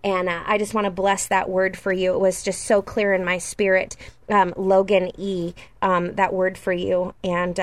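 Woman minister, slightly high voice, earnest prophetic delivery, halting with fillers and repeats. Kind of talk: spontaneous prophetic words.

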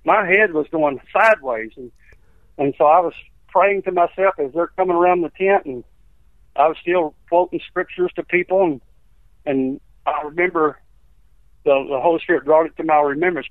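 A man's voice: fairly high pitch, normal speed, no echo. A man, an evangelist telling healing testimonies in a rambling, folksy way, acting out the quotes. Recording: tinny dry phone line.

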